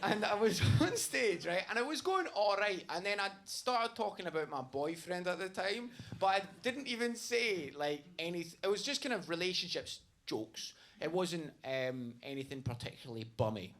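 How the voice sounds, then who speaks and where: A man performs stand-up on a comedy stage with a handheld mic, his voice sitting a little high. He tells a story in a chatty, rambling way, tossing in "right?" as he goes. The live sound carries clear background noise. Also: lively intonation, moderate pace, few pauses, fairly bright tone. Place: comedy stage in front of an audience. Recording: live comedy club with audience laughter.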